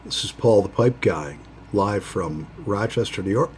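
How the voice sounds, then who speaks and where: Male pipe vlog host, unhurried and somewhat low-pitched, rambles through hesitations in casual chat. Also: slight background noise. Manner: rambling, halting, with many fillers and restarts. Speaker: pipe-smoking channel host.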